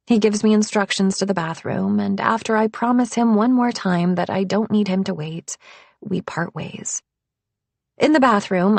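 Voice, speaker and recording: A woman narrating a first-person audiobook in a measured, intimate way. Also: medium pitch, creaky, a little mellow, no room sound.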